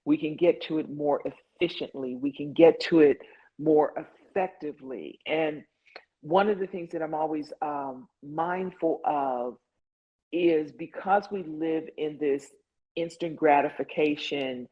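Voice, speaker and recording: A woman guides an online support group over a video call, earnest and conversational, peppering her speech with "like" and "you know." Her voice is low and a little slow, and the call audio sounds dull and lo-fi.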